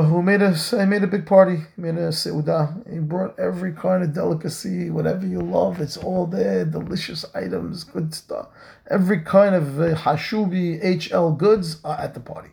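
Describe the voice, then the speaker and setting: Man, rabbi, Torah lesson, very gravelly, slightly high voice, earnest, repeats phrases. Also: steady tone, moderate pace, darkish tone. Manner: mixes in Hebrew terms.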